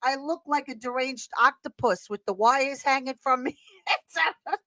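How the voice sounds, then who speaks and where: High-voiced woman with a thick New York accent. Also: measured pace, no room sound, rough recording. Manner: animated, laughing, rambling with many fillers. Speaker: guest. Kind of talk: casual chat.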